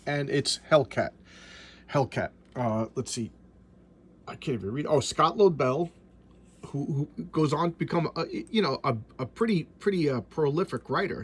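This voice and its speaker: This man talks through a vintage comic in a casual, rambling review. His voice is husky and sits at an ordinary pitch. He stumbles, restarts and drifts into asides. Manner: rambling, loose retelling with frequent restarts and asides.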